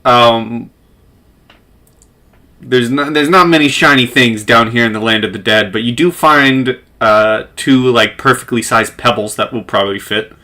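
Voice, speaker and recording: A man's voice: mid-range voice, measured pace, sharp tone. A man running a tabletop game, enthusiastic and filler-heavy. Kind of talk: casual tabletop game narration.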